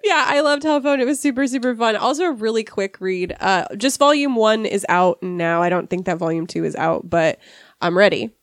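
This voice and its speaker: A woman's voice: mid-range voice, moderate pace, no echo, studio quality. Enthusiastic woman with many fillers. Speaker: podcast co-host. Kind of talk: casual chat.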